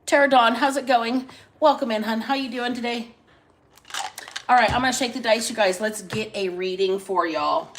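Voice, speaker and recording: A woman hosting a casual live-stream reading into a phone, chatty and salty, stretching out single words between quick asides. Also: on the high side, heavy background noise. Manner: chatty, drawls single words then talks fast. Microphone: phone camera.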